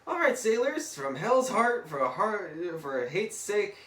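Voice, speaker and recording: A man voicing a murderous old sea captain with an exaggerated, high-pitched cartoonish delivery, recorded from a distance in an echoey room. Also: big pitch swings, racing, a bit bright. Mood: gleeful menace. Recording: echoey room, distant mic, faint noise.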